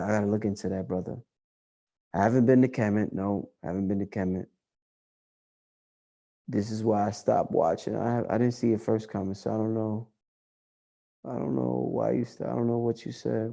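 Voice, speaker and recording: Loose, profane New man, mellow voice. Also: vocal fry. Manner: loose, profane, repeats lines for emphasis, rises to excited highs. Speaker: livestream host answering chat. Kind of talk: casual livestream chat.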